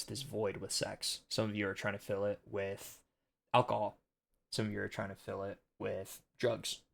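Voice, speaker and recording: A man's voice: fairly low pitch, vocal fry. A young man hosting a casual film commentary monologue, earnest and preachy with a rambling delivery.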